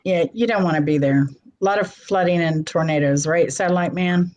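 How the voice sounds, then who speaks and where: A woman with a Midwestern American accent hosting a casual live-stream chat, talkative and quick to laugh. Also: on the low side, darkish tone, low-quality recording. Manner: chatty, laughs often. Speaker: host.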